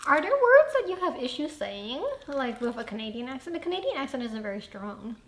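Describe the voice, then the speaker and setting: A woman with a slightly high voice hosts a relaxed chat over wine. She talks in an animated way, laughs often and jumps up into high exclamations. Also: brisk, a little hiss or hum. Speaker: host.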